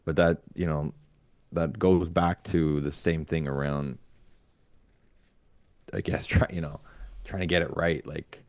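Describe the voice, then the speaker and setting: A man's voice: rumbling low, fairly even intonation, unhurried, long pauses, a little mellow, dry recording. A man co-hosting a podcast about fatherhood, thinking aloud in a thoughtful, searching way. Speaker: podcast co-host. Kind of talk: reflective casual conversation.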